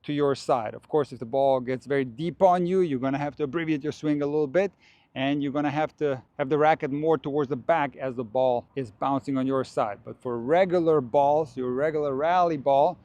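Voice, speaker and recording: A man's voice: medium pitch, a little fast, warm tone, no echo. A man coaching tennis, explaining stroke technique in an enthusiastic, instructional way.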